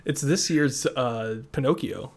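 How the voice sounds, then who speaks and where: A man's voice: mid-range voice, measured pace, darkish tone. A man co-hosting a film podcast, easygoing and agreeable, who laughs often and moves the talk along. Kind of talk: casual film review chat.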